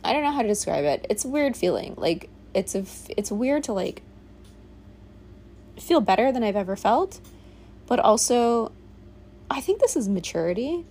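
A woman's voice: a little high, very animated, normal speed, pauses often, darkish tone. A woman in her thirties rambling candidly in a reflective casual monologue, swearing freely and saying "like" a lot. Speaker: vlogger. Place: on a boat in a small village.

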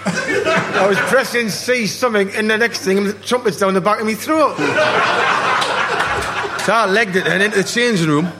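A man, telling lively football stories to a live audience and acting out the voices. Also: high-pitched, normal speed, pauses often. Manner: animated anecdotes, acting out voices, laughing. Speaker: guest, former footballer. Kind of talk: live storytelling on stage. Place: live party event. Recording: noisy live room.

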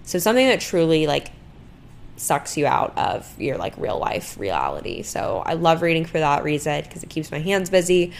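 A woman's voice: sits low, big pitch swings, normal speed, gravelly, a little hiss or hum. A young woman chatting casually about her daily routines, filling her talk with "like" and "um". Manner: chatty, many "like" and "um" fillers. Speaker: lifestyle vlogger. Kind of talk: casual chat.

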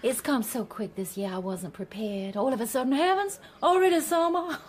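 A woman's voice: sits high, normal speed, natural voice. An actress playing a gushing Southern mother. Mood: chatty. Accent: American Southern. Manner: gushing, genteel, chatty. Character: faded genteel Southern mother, middle-aged, chattering nervously. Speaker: mother hosting a dinner guest. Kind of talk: stage drama acting.

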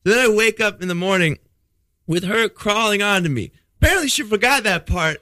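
A man telling a comic story in casual talk, excitable, swearing freely and acting out what people said. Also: high voice, brisk, no echo. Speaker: podcast guest telling a story.

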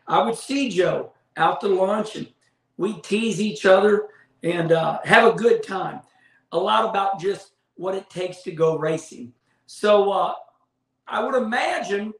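A man's voice: sits high, roomy sound, rough recording. A middle-aged man hosting his own show, talking casually in a folksy, rambling way with lots of fillers and acted-out quotes. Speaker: show host. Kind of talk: casual opinion monologue.

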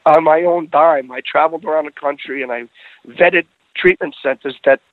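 A man's voice: a little high, moderate pace, no echo, narrow, tinny audio. A middle-aged man telling a personal story in casual conversation, earnest, often restarting his phrases.

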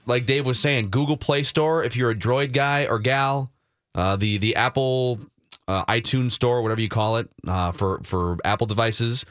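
A man's voice: medium pitch, fairly bright tone, no echo. A man co-hosting a sports radio show, chatting casually and reading listener emails and draft picks aloud into a studio microphone.

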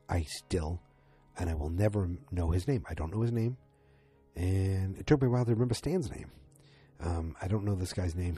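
A man's voice: sits low, warm tone, husky. A man casually recapping a TV episode, rambling with fillers and restarts and acting out characters' lines. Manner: rambling, many fillers and restarts, acts out quotes.

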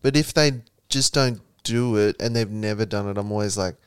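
A man's voice: fairly low pitch, normal speed, clean tone, dry recording, clean studio sound. A man co-hosting a podcast, teasing his co-hosts in casual banter. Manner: playful, teasing. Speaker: podcast co-host.

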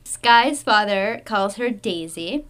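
A woman's voice: medium pitch, animated, slow, fairly bright tone. A young woman co-hosting a podcast, chatting playfully about a TV show and adding trivia. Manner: playful, giggly, adds trivia. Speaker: podcast co-host, veteran viewer. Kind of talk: casual chat about a TV show.

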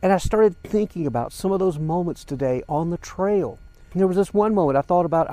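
A man's voice: a little high, dark tone, no room sound. An older man hosting a podcast, talking earnestly and emotionally straight to his listeners in a personal, reflective monologue. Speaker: podcast host.

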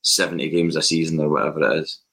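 A Scottish man joining a football podcast as a pundit, talking in a measured, casual way as he weighs his points. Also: very deep voice, level tone, a bit bright.

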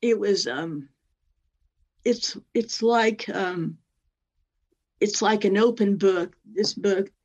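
A woman telling a personal story as a guest, animated, acting out what other people said, with many fillers. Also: mid-range voice, takes it slowly, long pauses, slightly rough, lo-fi sound. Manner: animated, acts out other people's words in quotes; rambling, with many fillers and "anyway".

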